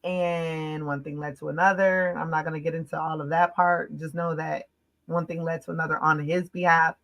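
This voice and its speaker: A woman from the United States telling a personal story as a podcast guest in casual chat, emphatic and fast-flowing with lots of "like" fillers. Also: sits low, little pitch movement, fairly bright tone, poor audio.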